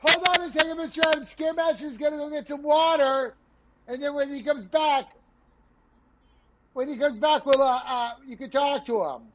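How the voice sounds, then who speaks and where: Brief: very high-voiced man, eager, repeats himself, noisy recording. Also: normal speed, a bit bright. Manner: eager, repetitive, stammering.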